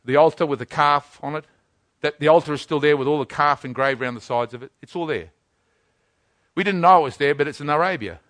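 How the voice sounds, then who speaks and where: A man preaching a sermon, building to loud, rapid-fire rhetorical questions. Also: on the high side, dry recording.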